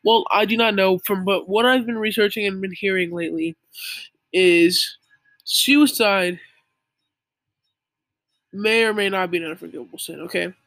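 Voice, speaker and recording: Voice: medium pitch, moderate pace, long pauses, a bit bright, no room sound. A young speaker in a casual, earnest monologue, lecturing the listener with many "like" fillers. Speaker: young believer giving religious advice. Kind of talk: casual preachy monologue to camera.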